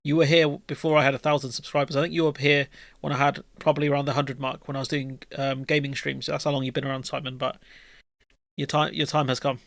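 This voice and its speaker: A man's voice: medium pitch, level tone, quick pace, creaky, a bit bright, dry recording. A man, hosting a live stream and chatting casually with his viewers in a jokey, rambling, slangy way.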